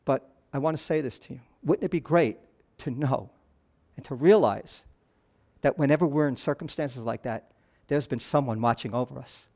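A middle-aged man preaching a sermon as a pastor, moving between soft, hushed passages and raised, animated ones. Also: mid-range voice, normal speed, gravelly.

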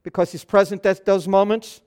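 High-voiced, nasal man preaching. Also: little pitch movement, moderate pace, darkish tone, smooth. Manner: earnest, loose asides and restarts. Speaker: pastor. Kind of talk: conversational sermon.

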